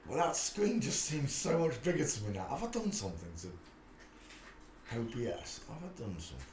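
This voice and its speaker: A man's voice: mid-range voice, huge pitch swings, a little fast, darkish tone, reverberant, slight background noise. A man hosting a casual live stream, chatting in a rambling way with many filler sounds. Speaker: livestream host.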